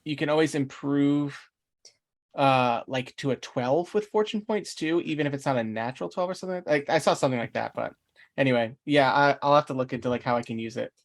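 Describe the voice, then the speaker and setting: A man playing a tabletop game, thinking aloud about rules and his moves in a relaxed way. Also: mid-range voice, a little fast. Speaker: player. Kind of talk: casual tabletop game chat.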